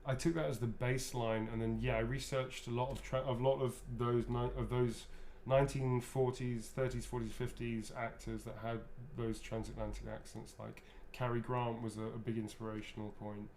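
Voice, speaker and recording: A man's voice: medium pitch, little pitch movement, normal speed, hardly any pauses, darkish tone, slight background noise. A man, a voice actor, chatting loosely while signing autographs and answering fan questions, often restarting his sentences. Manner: rambling, self-correcting, chatty.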